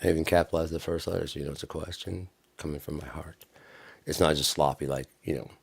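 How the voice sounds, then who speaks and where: Deep-voiced man rambling on a live stream. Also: fairly even intonation, quick pace, gravelly, slightly rough. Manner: sarcastic, swings into mock-angry yelling. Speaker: streamer and musician.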